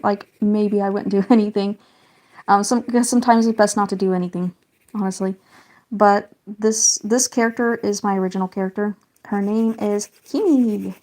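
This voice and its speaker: A woman's voice: fairly high pitch, darkish tone. Chatty young woman streaming live. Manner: chatty, reads viewer comments, many fillers and restarts. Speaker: livestreamer. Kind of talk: casual live-stream chat while colouring.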